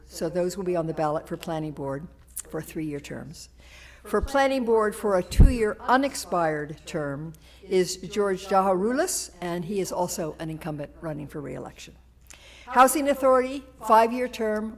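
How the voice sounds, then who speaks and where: A lower-voiced woman with a Massachusetts accent runs a town candidates forum, talking in a loose, chatty way. She reads out details and restarts her sentences, with plenty of ums along the way. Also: darkish tone. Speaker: forum moderator. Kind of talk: moderating a public candidates forum. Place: police station meeting room.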